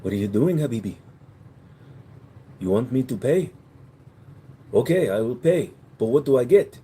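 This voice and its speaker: A man's voice: medium pitch, expressive, normal speed, warm tone, husky, pitched below the performer's own voice. A man voicing a pushy male shopkeeper with a put-on Arab accent who haggles in indignant questions.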